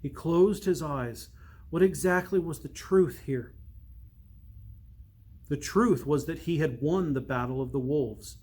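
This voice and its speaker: A priest reading a storybook aloud, slow and measured, dropping to a hush for suspense. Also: male voice, on the high side, slightly rough.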